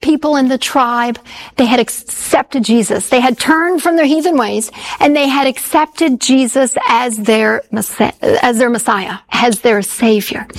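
High-voiced woman preaching a sermon. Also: low-quality recording. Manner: earnest storytelling with repeated phrases.

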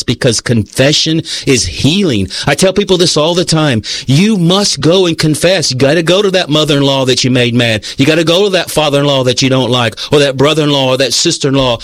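A man's voice: mid-range voice, fairly bright tone, no echo. A man preaching a sermon in an earnest, conversational way, telling a personal story and reading passages aloud.

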